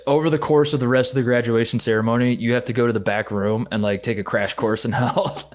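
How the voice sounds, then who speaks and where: A man's voice: medium pitch, fairly even intonation, quick pace. A man co-hosting a sports podcast in casual chat, easygoing, laughing often and riffing on ideas. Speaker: podcast co-host.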